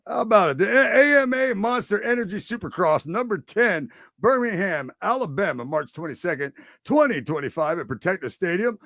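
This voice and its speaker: Fairly high-voiced man rattling off race dates. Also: lively intonation, creaky, dry recording, clean studio sound. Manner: rapid list reading with loud bursts and asides. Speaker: radio show co-host. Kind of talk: reading a racing schedule on radio.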